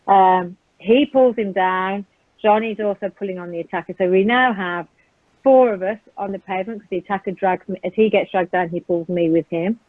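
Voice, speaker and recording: A woman on the low side of pitch, with a British accent, gives a conversational, earnest account of a violent attack, using the present tense and many ums. The tinny phone audio is dry, with no room sound.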